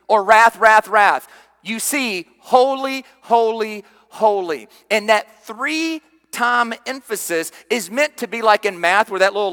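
A man preaching a sermon, swinging from loud emphatic peaks to hushed low passages. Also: in a large hall. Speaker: pastor.

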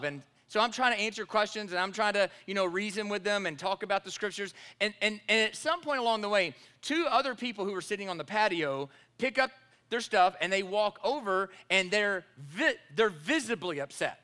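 Pastor guy preaching, high voice, acts out the dialogue in his story. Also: normal speed, bright, forceful tone, clean tone. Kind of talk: sermon with a personal story.

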